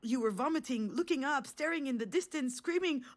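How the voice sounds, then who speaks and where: A woman's voice: expressive, fairly quick. An actress voicing a loving mother who tells her daughter a tender childhood memory in a narrative game. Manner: tender storytelling, low and intimate.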